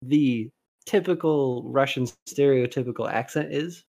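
Guy cohosting a podcast, rambly, lots of likes and ums, gets animated, average pitch. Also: unhurried. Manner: rambling, filler-heavy, animated bursts. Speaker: podcast co-host. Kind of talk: casual chat.

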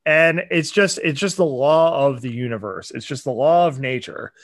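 Earnest, impassioned man, higher voice. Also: normal speed, no echo, studio quality. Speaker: podcast co-host. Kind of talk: casual chat.

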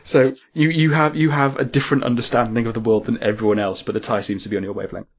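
A man's voice: mid-range voice, fairly even intonation, quick pace. A man, running a comedic tabletop game as game master. He giggles often and stumbles over repeated words. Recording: slightly muffled lo-fi audio.

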